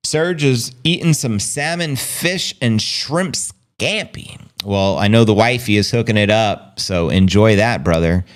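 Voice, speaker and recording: A man's voice: lowish voice, animated, unhurried. A man hosting a live stream, chatting casually and reading viewers' comments aloud. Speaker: livestream host. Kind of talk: casual livestream chat.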